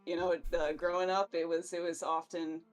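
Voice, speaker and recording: A woman's voice: fairly low pitch, flat delivery, fairly quick, soft background music, close to an everyday voice. A woman voicing an awkward young male wizard mourner who talks in a rambling, unsure way.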